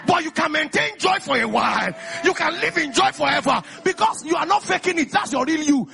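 A Nigerian man preaching with a very high, gravelly voice that leaps all over its range. He calls out to the congregation and often shouts. Soft music plays behind him. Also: expressive, fairly quick. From Ekiti, Nigeria. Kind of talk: lively sermon.

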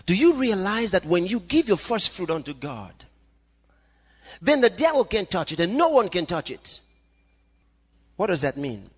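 A man preaching a fervent sermon, breaking into praise between his points. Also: on the high side. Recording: long reverb of a hall.

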